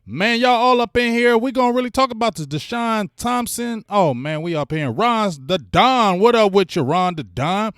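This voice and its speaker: A man hosting a live-stream football fan show, very animated and loud, shouting out to his chat. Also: sits high, moderate pace, few pauses, smooth, dry recording, studio quality. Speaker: livestream sports show host.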